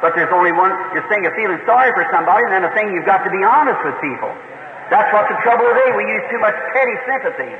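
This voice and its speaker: Male preacher with a slightly high voice, tells homespun stories in plain country grammar, thin lo-fi recording from a reverberant hall. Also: expressive, quick pace, noisy background. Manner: folksy plain-spoken storytelling with rural grammar, building to fervent emphasis. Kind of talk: storytelling sermon. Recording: tinny lo-fi recording in an echoey hall.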